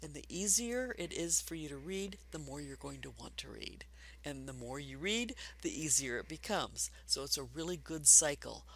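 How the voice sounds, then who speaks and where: A woman teaching a basic reading lesson for adults, patient and encouraging, speaking slowly and clearly. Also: sits low, lively intonation, fairly bright tone.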